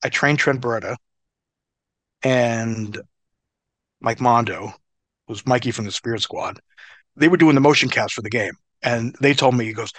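A man's voice: medium pitch, moderate pace, long pauses, no echo. Profane middle-aged man telling stories. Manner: profane, laughing, animated storyteller. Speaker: interview guest, former wrestler. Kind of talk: casual storytelling.

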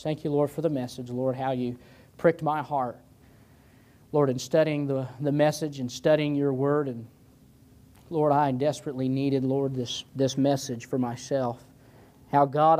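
A man with an American accent preaching a sermon as pastor, pleading with passion and swinging from loud, climbing lines to low, hushed ones. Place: church sanctuary.

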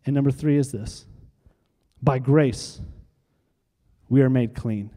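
A man's voice: medium pitch, takes it slowly, dark tone, in a large hall. A male pastor preaching a sermon, driving his points home with emphatic repeated phrases and leading the congregation in call-and-response. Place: church sanctuary.

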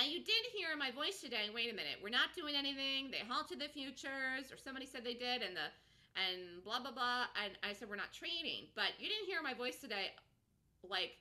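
A woman hosts a live stock trading show, her voice a little high, pushed and bright. She talks emphatically, repeats herself, and responds to viewers' chat.

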